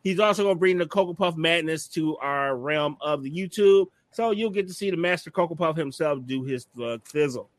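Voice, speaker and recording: A man hosting a relaxed online broadcast, loose and jokey, with plenty of ums and tangents. His voice sits a bit high for a man. The sound is dry and close, with no room around it. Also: fairly quick, few pauses, no room sound. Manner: joking, rambling with many ums. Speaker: network host. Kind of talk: casual livestream chat.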